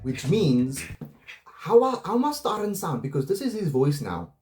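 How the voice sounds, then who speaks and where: A man reads a novel in a playful mock Afrikaans-English accent, often slipping into giggles. His voice is warm and mellow, with soft guitar music playing faintly behind him. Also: a little high, very animated, unhurried. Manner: giggly, playful, breaks off to laugh. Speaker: comedy book reader. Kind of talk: comic reading in a put-on accent.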